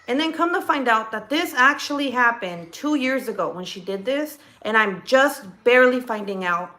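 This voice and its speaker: A Californian livestream host chats casually in her home kitchen, telling a personal story with lots of fillers, restarts, and swearing. Her voice is on the high side, expressive, pushed, and bright, at a moderate pace with few pauses.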